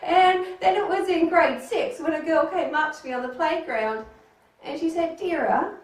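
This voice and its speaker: A woman's voice: high-pitched, lively intonation, normal speed. A woman comic doing stand-up with dry, self-mocking jokes. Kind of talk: stand-up comedy. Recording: very echoey room, distant mic.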